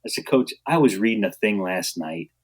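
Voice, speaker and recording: A man with a lowish voice talks as a podcast guest. He tells his coaching stories with a lot of life, acting out the people in them and laughing as he goes. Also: moderate pace, husky. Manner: animated storyteller, acts out quotes, laughs often. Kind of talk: storytelling in a podcast interview.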